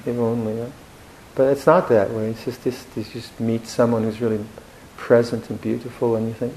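A man giving a Buddhist dharma talk in a reflective, gently humorous way, with hesitant restarts. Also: mid-range voice, little pitch movement, normal speed, a little hiss or hum, rough recording. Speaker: Buddhist monk teacher.

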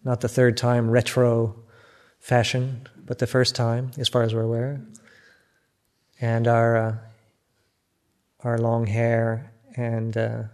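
An older man with an American accent, a Buddhist monk giving a reflective, gently self-mocking dharma talk. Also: mid-range voice, completely flat delivery, takes it slowly, pauses often. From United States.

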